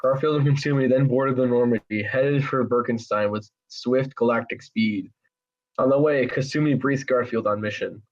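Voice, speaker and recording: Deadpan man reading fan fiction aloud. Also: mid-range voice, moderate pace, highs cut off. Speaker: podcast host.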